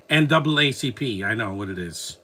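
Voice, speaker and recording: A man's voice: medium pitch, bright, forceful tone. A man giving casual, opinionated commentary while watching a film, rambling and restarting his sentences.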